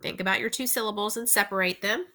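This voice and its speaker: This is a woman teacher giving young students a spelling test, dictating slowly and repeating each word along with deliberate directions. Her voice is mid-range with a sharp edge.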